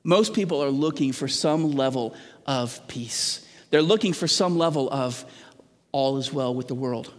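A man's voice: mid-range voice, a little slow. Man preaching in a reverberant hall. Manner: earnest preaching with frequent restarts, asks the congregation questions. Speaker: pastor. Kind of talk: sermon.

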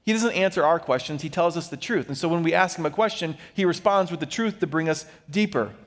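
A man with a fairly high voice preaches a sermon. His delivery is animated, with quick shifts of pitch and loudness as he acts out the figures he quotes. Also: big-room sound. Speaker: pastor.

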